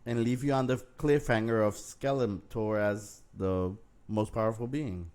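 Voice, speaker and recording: A man co-hosting a casual show, calmly arguing his side. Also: on the low side, unhurried. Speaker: podcast co-host. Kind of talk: casual chat.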